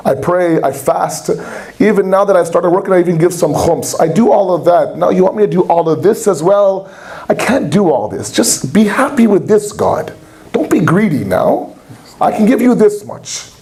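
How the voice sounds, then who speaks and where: A man's voice: high-pitched, lively intonation, normal speed, creaky, warm tone. A man acting out a believer who complains and bargains, listing his good deeds. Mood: bargaining. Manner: whiny, bargaining.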